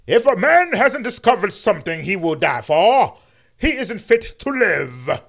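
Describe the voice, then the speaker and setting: Grand rousing orator, played by a man; lifted pitch, slow stretched sermon delivery. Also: very animated, vocal fry, fairly bright tone, exaggerated voice. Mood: orating. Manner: swelling sermon cadence, drawn-out words.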